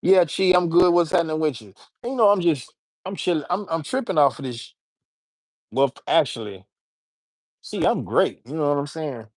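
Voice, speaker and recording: A man's voice: on the high side, animated, normal speed, no room sound. Guy rambling on his livestream, chatty with viewers, dry close sound. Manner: loose, rambling, talks to his chat, repeats words. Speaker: livestream host. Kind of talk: casual livestream chat.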